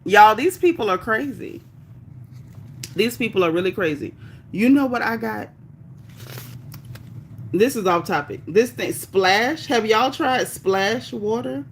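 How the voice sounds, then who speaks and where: A woman hosting a casual livestream, reading viewer comments aloud in a chatty, animated, folksy way. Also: a little high, measured pace, pauses often, a little hiss or hum. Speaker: livestream host reading chat. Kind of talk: casual live chat.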